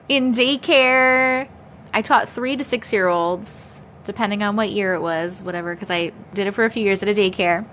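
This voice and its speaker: A woman's voice: mid-range voice, fairly bright tone, slight background noise. A young adult woman hosting a casual livestream chat from home, chatty, laughing often and swearing freely. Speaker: livestream host.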